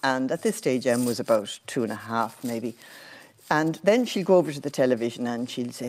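Low-voiced older Irish woman telling stories. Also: brisk, darkish tone. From Ireland. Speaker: interview guest, former TV journalist. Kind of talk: casual storytelling.

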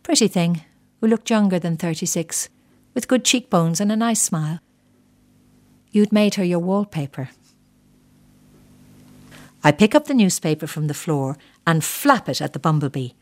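A middle-aged woman reading a first-person short story in a measured, quietly bitter, reflective way. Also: on the low side, expressive. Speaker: narrator.

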